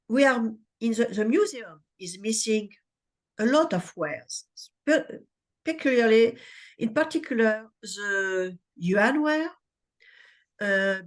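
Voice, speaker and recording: A woman with a French accent, a native French speaker, moderating a conference session in halting English with many uhs and restarts. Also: a little high.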